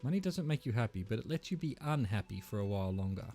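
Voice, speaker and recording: A man's voice: lowish voice, very animated, fast talker, mellow, faint music behind. A man voicing a grumpy middle-aged male hostel manager who talks curtly and sounds irritated. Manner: curt, irritated.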